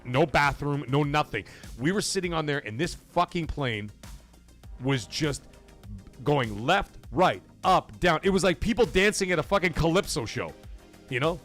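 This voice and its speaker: A man hosting a live gaming stream, telling a story in a swearing, animated way, getting loud and then dropping quiet. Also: fairly high pitch. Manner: animated, profane, swings loud and soft for effect.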